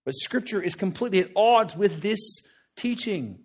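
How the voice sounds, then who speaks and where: A man's voice: sits high, lively intonation, moderate pace, a little mellow, husky. A man preaching a sermon in a conversational, earnest way, often checking in with "right?" and repeating short phrases for emphasis.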